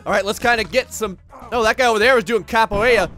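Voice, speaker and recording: High, bright, excitable gaming commentator man. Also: quick pace, faint music behind. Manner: excitable, shouts and laughs at the action. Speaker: gaming channel host.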